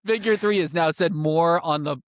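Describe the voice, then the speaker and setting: A man's voice: fairly high pitch, moderate pace, dry recording, studio quality. A man co-hosting a political podcast, laughing often and sounding incredulous in casual chat. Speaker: podcast co-host.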